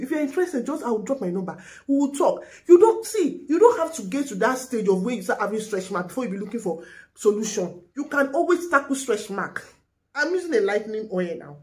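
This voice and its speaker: Ranting Nigerian woman, fairly high voice. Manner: animated, pleading, switches into pidgin and Yoruba. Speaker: skincare vlogger and seller. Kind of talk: angry rant to camera.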